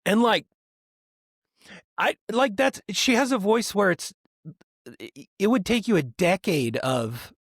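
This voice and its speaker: A man co-hosting a podcast in casual chat, rambling and animated, often mimicking other people's voices for laughs. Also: sits high, measured pace, no echo, clean studio sound. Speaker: podcast co-host.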